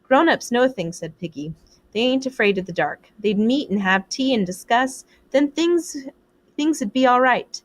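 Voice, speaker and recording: A woman's voice: fairly high pitch, animated, measured pace, pitched above the performer's own voice. A woman reading aloud, voicing an anxious, earnest schoolboy who talks in a plain, worried, pleading way. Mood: fretful.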